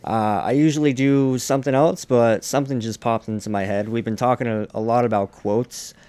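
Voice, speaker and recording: Male podcast host, casual and upbeat, mid pitch, dry close sound. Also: fairly even intonation, a little fast, darkish tone, clear, resonant tone, no room sound. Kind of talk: casual chat.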